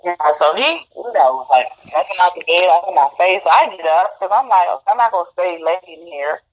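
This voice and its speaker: A woman with a somewhat low voice tells a personal story as a guest. Her delivery is casual and conversational. She acts out the back-and-forth dialogue as she retells it. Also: a little fast, rough recording.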